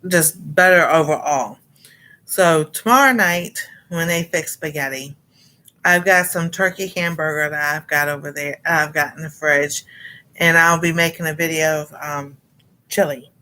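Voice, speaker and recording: A middle-aged cooking channel host with a low, pushed, bright voice rambles casually on a livestream. She greets viewers and laughs often.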